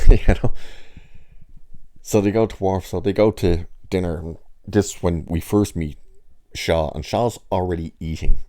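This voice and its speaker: Very deep-voiced man recapping an episode. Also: mellow. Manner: rambling retelling with quoted lines. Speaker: reviewer.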